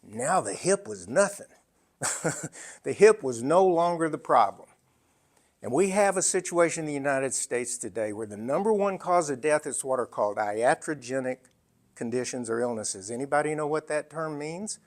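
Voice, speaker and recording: A man in his sixties giving an emphatic storytelling talk, full of dramatic pauses. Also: a little high, expressive. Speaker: speaker.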